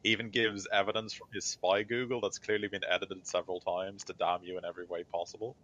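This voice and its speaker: A man's voice: low-pitched, level tone, fast, a bit bright. A man narrating as game master of a tabletop game, speaking in a loose style with many fillers. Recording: slightly dull lo-fi mic.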